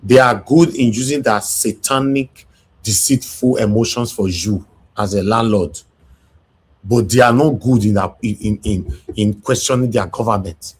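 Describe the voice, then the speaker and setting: A man's voice: fairly low pitch, normal speed, slightly rough. A man with a Nigerian accent hosting a heated discussion, talking in an angry, emphatic rant. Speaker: show host.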